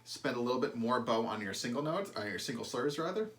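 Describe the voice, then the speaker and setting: Over loud violin music, a man with a mid-range, expressive voice gives an instrumental lesson at a quick pace. He walks through bowing and shifting technique and counts the beats aloud.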